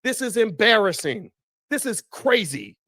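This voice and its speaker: A man's voice: high voice, big pitch swings, a little slow, pushed and bright, dry recording, clean studio sound. A man giving impassioned, preachy opinion commentary while talking straight to his viewers.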